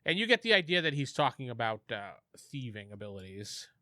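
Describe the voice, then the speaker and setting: A man narrating a tabletop game as game master, playful and laughing, often halting mid-sentence. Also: medium pitch, very animated, sharp tone, no echo.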